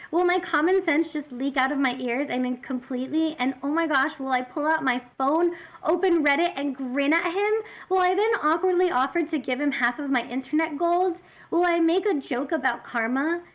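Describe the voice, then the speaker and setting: A woman VTuber reading Reddit posts aloud and commenting on them in a giggly, animated way. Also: high voice. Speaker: VTuber streamer.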